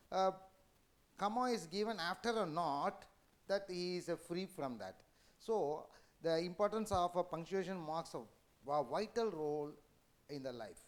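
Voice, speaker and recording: A man with an Indian English accent giving an educational lecture, halting with many fillers and restarts. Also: high voice.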